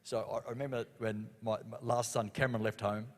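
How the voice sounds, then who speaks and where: A man's voice: fairly low pitch, level tone, fast. Brief: older man on a church panel, folksy and earnest, echoey hall. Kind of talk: panel discussion.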